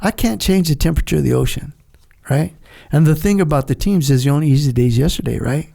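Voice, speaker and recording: A man's voice: on the high side, fast, vocal fry, dark tone. An older man, a former Navy SEAL guest, telling rambling stories with frequent laughs and acted-out voices. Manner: rambling, laughs often, acts out quoted voices. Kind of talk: casual storytelling interview.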